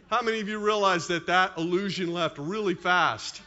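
Animated high-voiced male pastor preaching. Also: moderate pace, lo-fi sound. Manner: animated, conversational preaching with asides. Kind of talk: sermon.

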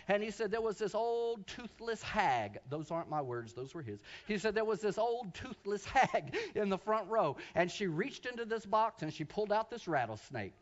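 A pastor tells a story from the pulpit in a fairly high voice, dropping into quiet asides and then rising into loud, shouted preaching. His sermon sounds a little muffled, like a church telecast.

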